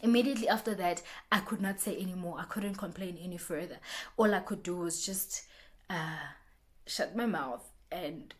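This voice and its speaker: A young woman talks straight to camera in a casual motivational vlog. She is chatty and loose, circles back over her own words with restarts and fillers, and breaks into lively little voices for what her friends said. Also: fairly low pitch, normal speed. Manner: chatty, repeats herself, many restarts and fillers; acts out friends' lines in lively bursts. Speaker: vlogger.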